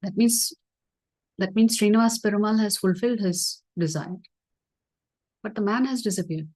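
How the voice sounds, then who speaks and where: A woman teaching scripture through a story, acting out the dialogue in an earnest, gentle way during an online session. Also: mid-range voice, moderate pace. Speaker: spiritual teacher.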